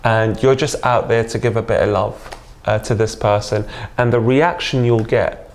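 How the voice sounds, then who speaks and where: A man's voice: on the low side, normal speed. A man, a dating coach talking earnestly in a casual interview.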